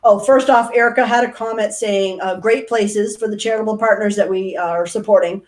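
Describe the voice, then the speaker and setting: Lady hosting a live stream, steady voice, walks folks through the steps. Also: medium pitch, brisk. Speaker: livestream host. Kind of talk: livestream hosting.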